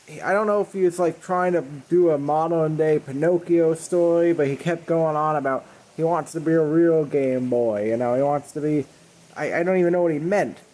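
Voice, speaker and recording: A slightly high, warm-toned male voice carries this comedic video rant, full of swearing. The creator sounds exasperated as he rambles, stops, and restarts repeatedly.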